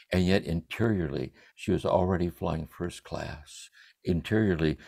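Older man, deep and gravelly, meditative. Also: no room sound. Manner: meditative, softly trailing phrases. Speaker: spiritual retreat speaker. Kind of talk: contemplative spiritual reflection. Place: room at home. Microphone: livestream computer mic.

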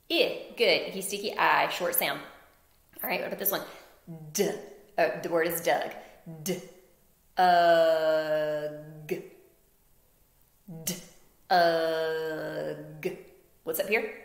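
A woman teaching a phonics lesson to young children, slowly sounding out word parts and praising answers. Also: medium pitch, vocal fry, a bit bright, roomy sound.

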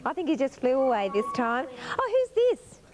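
High, gushing Australian woman presenter. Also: very animated, moderate pace, noisy background. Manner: gushing, exclamatory, coaxing. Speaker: children's TV presenter. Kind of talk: sing-song talk to young children. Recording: 1980s TV studio, music behind.

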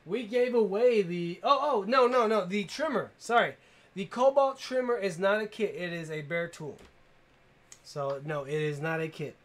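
A man's voice: high-pitched, normal speed. A man hosting a tool giveaway livestream, upbeat, calling out to viewers and reading their comments in casual chat. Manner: upbeat, calls out to viewers and reads comments aloud. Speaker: tool channel livestream host.

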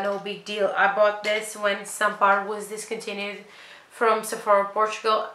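A woman's voice: mid-range voice, bright, forceful tone. A woman beauty vlogger reviewing products she has used up, in a chatty, dramatic, self-mocking way. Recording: echoey room with faint noise.

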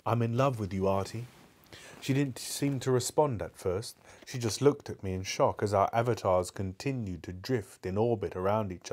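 A man's voice: lowish voice, darkish tone. A man reading a novel aloud at a live book club, narrating steadily with occasional restarts.

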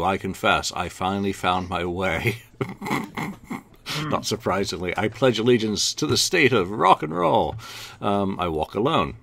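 A man hosting a podcast, briskly reading through a list with dry quips. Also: sits low, gravelly, a bit bright, no echo. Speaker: podcast host. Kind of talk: casual chat, running down a list.

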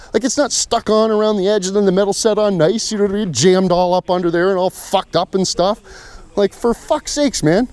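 A man's voice: high voice, a little mellow. Man ranting with heavy profanity. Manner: profane, ranting, frequent "you know what I mean". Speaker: homeowner. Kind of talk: casual chat.

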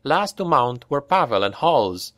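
A man narrating a dark fantasy audiobook in a steady, measured storytelling voice. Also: mid-range voice, dry recording, studio quality.

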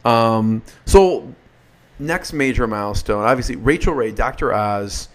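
A man hosting an interview, asking brisk questions with quick affirmations. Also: medium pitch, lively intonation. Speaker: interview host. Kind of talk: conversational interviewing.

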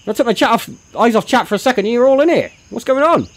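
A man's voice: very high-pitched, expressive, fast. Chatty man streaming a game. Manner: chatty, thinks aloud, greets chat loudly. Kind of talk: live gameplay commentary.

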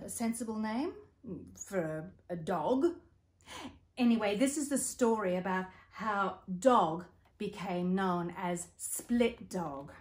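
Australian female storyteller for children, unhurried, playful, interactive with listeners. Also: medium pitch. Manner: playful, animated sound effects, addresses listeners.

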